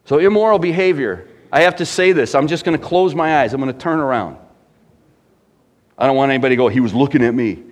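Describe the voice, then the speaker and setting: A middle-aged male pastor preaching with fervor and a somewhat high voice. He keeps asking the congregation rhetorical questions and builds in intensity as he goes. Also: lively intonation, fast talker. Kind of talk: sermon.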